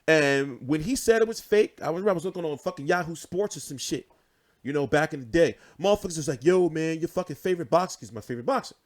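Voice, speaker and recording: On a laid-back livestream, a young boxing-show host in his 20s swears a lot and tells animated stories. His voice is a little high and his pace is quick.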